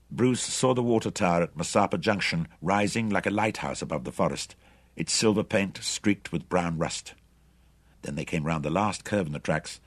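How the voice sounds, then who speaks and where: A man narrating an adventure audiobook in a measured, steady reading. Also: low voice, slightly rough, no echo. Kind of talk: scripted narration.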